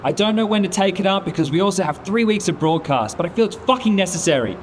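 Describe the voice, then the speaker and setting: Casting note: fed-up man tearing into a teammate, a bit high-voiced, faint hum behind. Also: expressive, quick pace. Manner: angry, swearing lecture. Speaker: caster in a comedy sketch. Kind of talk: scripted comedy sketch.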